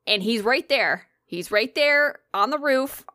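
A woman chatting casually, telling a story with lots of swearing and animated energy. Her voice is bright and forceful, recorded dry and close with no room sound. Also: fairly high pitch, unhurried, no room sound. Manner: animated, profane, swears freely.

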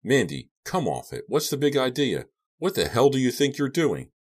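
A man reading the part of a frightened teenage boy who is tied up, pleading and shouting in panic. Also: low voice, sing-song, moderate pace, breathy edge, full character voice. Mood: panicked.

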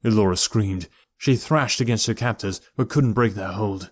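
A man narrating an audiobook in a steady, measured storytelling voice. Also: lowish voice, dry recording. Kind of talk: scripted narration.

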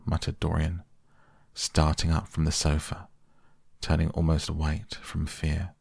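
A man reads a classic novel aloud for bedtime, slow, soft and measured. His voice is extremely deep with a gravelly, husky edge, recorded close and dry. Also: monotone, no echo. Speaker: podcast reader. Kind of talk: softly read bedtime audiobook.

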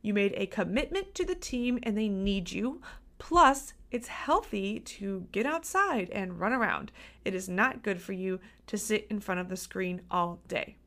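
A woman's voice: medium pitch, lively intonation, a little slow, a bit bright. A woman voicing a firm but caring mother who sets limits for her child. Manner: firm, patient.

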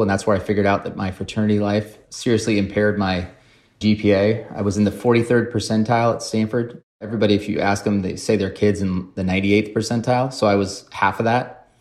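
Low-voiced man telling self-deprecating stories. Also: a little mellow. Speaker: podcast guest. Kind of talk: casual storytelling.

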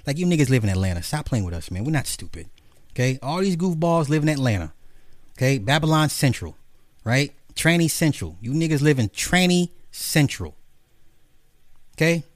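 Man ranting, profane and mocking, fairly high voice, dry close sound. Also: very animated, normal speed, dry recording. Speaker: commentary host. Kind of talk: ranting commentary monologue.

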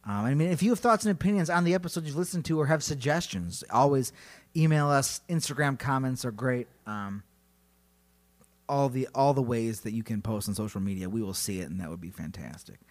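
A man's voice: medium pitch, animated, brisk. A man co-hosting a podcast, chatting casually and joking playfully. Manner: joking, playful, goofy voices. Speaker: podcast co-host. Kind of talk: casual comedic chat.

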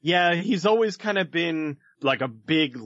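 Man, casual podcast chat, hesitant restarts, fairly high voice, dry muffled audio. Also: lively intonation, a little slow, a bit bright, no echo. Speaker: podcast co-host.

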